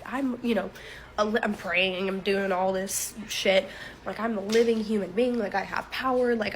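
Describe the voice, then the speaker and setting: Young woman, casual storytime, rambling, full of fillers, nervous laughter, middle pitch, faint hiss. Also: low-quality recording. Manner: chatty, filler-heavy, laughs nervously, swears.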